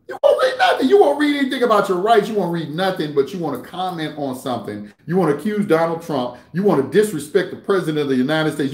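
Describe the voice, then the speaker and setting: A man's voice: high voice, roomy sound. A man hosting an internet radio show, delivering a heated, confrontational, profane monologue. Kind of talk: ranting monologue.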